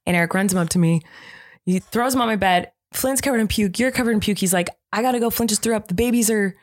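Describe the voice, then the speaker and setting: A woman in her thirties co-hosting a podcast, telling family stories in casual chat with quick laughs. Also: mid-range voice. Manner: chatty storytelling, quick laughs. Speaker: podcast co-host.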